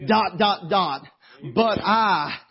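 A man preaching a sermon in church as pastor, moving from quiet scripture reading to impassioned, tearful shouting. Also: sits high, very slow, vocal fry. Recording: dull lo-fi sermon recording.

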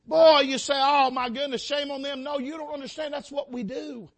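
High, bright impassioned preacher man. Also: level tone, brisk. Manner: impassioned, rising and falling, calls out to the congregation. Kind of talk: sermon. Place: church sanctuary.

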